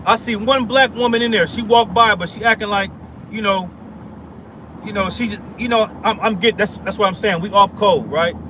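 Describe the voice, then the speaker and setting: A man's voice: sits high, steady tone, moderate pace, fairly bright tone, slight background noise, low-quality recording. A man telling a heated story in a casual rant, stammering and repeating himself. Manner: heated, repetitive, restarts and stammers. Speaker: vlogger.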